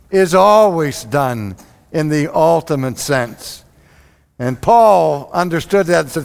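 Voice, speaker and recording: Male preacher, slightly high voice, animated sermon full of rhetorical questions, long church reverb. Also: slow, creaky, clear, resonant tone.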